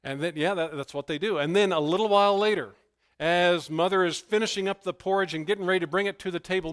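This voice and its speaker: A man preaching as pastor, who prays softly and then tells stories with animated, emphatic bursts. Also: fast talker, smooth. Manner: animated storytelling, rising to loud emphatic bursts; hushed, low prayerful delivery. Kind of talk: sermon with opening prayer.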